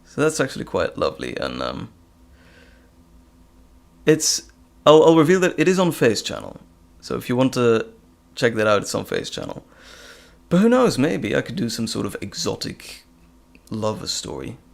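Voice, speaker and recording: A man's voice: mid-range voice, very animated, moderate pace, gravelly. A man hosting a casual live stream, reading chat questions aloud with frequent ums and hesitations. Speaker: live stream host and audio creator.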